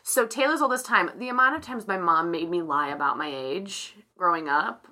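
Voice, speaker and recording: A woman with a bright, clear voice chats casually as a podcast co-host. She tells stories with animation and drops into quick put-on voices as she talks. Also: on the low side, lively intonation. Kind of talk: casual chat.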